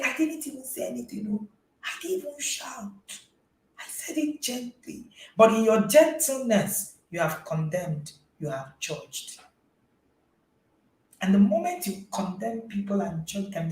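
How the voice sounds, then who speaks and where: A woman giving a motivational parenting talk as a coach, stressing her points by repeating them. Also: fairly low pitch. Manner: emphatic, repeats key phrases for stress. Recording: roomy echo.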